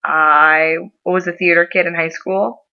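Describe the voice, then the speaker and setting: A young adult woman telling a story in a casual vlog, animated and given to over-the-top dramatizing. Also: lowish voice, measured pace, smooth. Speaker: vlogger. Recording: slightly muffled lo-fi audio.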